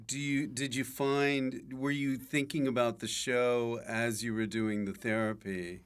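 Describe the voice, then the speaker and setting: A man hosts a podcast in an easy, casual chat. His voice is smooth and clear, and he asks curious, joking questions. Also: mid-range voice, level tone, a little slow. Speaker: podcast host.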